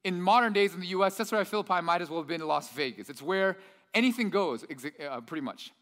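A pastor preaching a sermon with lively storytelling, acting out the quoted lines himself. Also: male voice, high voice, quick pace, long reverb tail. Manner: animated storyteller, acts out quotes.

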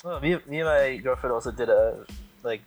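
A young man co-hosting a podcast in relaxed, casual chat, sometimes hesitant. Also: medium pitch, a little fast, soft background music, low-quality recording. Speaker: podcast co-host.

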